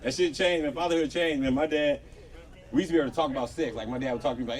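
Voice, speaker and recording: A man's voice: on the high side, expressive, fast talker, gravelly. A man in his thirties from Los Angeles doing a loose, profane stand-up set with lots of crowd work on an outdoor patio. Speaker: stand-up comedian. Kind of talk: live stand-up comedy set. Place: outdoor patio comedy show. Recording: distant live audio with crowd laughter.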